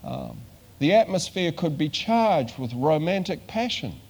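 A man's voice: a little high, lively intonation, slow pace, darkish tone, long reverb tail. An older man from New Zealand giving a conversational sermon as a preacher, with dry humor and frequent hesitations.

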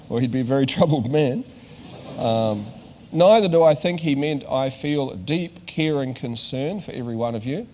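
A man's voice: a little high, warm tone. Older man preaching in a reverberant hall. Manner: conversational, with dry humor and many fillers. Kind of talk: sermon.

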